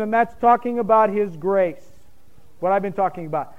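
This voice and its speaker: A man's voice: high-pitched, steady tone, moderate pace, narrow, tinny audio. A man preaching a sermon with emphatic bursts and questions thrown to the congregation. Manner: emphatic, rising to loud points, quizzes the congregation.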